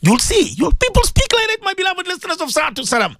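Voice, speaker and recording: Fervent, high-pitched preacher man. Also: huge pitch swings, fast talker, creaky, few pauses, sharp tone, no echo, clean studio sound. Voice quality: emphatic, repetitive preaching with sudden pitch leaps. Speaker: radio presenter giving religious advice. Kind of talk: impassioned radio sermon.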